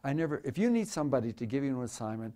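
A man's voice: mid-range voice, very animated, racing, warm tone. A man in his eighties, a photographer speaking in a museum auditorium, rambling and joking irreverently, with many stammered restarts as he answers audience questions. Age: 80s. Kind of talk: live talk with audience questions.

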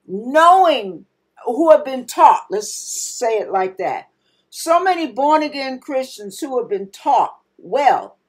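A woman pastor preaching a sermon in an emphatic manner, acting out panicked cries now and then. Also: sits high.

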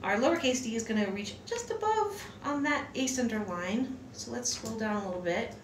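A woman's voice: a little high, animated, normal speed, recorded from a distance, slight background noise. A woman giving a casual lettering lesson at home, rambling and chatty with lots of fillers and restarts. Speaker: hand-lettering teacher. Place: room at home. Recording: echoey room, voice from off-mic.

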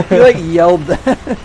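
A man's voice: fairly high pitch, background noise. A young man streaming with friends, dropping wry side comments on the game. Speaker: streamer co-player. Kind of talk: casual gaming chat.

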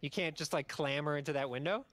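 Male co-host, slightly high, teasing banter, dry close mic. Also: quick pace, a bit bright, no echo. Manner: teasing, gives joking advice. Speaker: game show co-host. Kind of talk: casual gameplay chat.

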